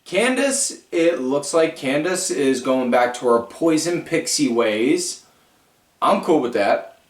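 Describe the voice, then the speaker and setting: A man hosting a podcast, rambling through a casual recap with lots of fillers and animated storytelling. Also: fairly high pitch, slow. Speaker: podcast host. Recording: echoey room, far from mic.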